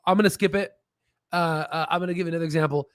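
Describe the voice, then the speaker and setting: A man hosting a casual stock market livestream, animated and swearing, with stammering restarts. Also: fairly high pitch, quick pace, no room sound, clean studio sound.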